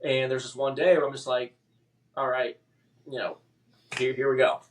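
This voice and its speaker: Male guest, mid-pitched, halting emotional storyteller, slightly distant mic. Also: little pitch movement, a little hiss or hum. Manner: halting, emotional, with many restarts and fillers. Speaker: podcast guest. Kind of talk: personal story in a podcast interview.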